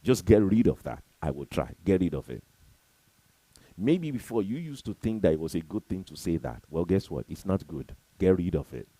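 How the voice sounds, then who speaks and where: Man, deep mellow voice, lively swooping pitch, preachy and emphatic, dry close sound. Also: normal speed, no room sound, rough recording. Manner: preachy, repetitive, emphatic, swings between loud and soft. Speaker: motivational speaker. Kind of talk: motivational talk to camera.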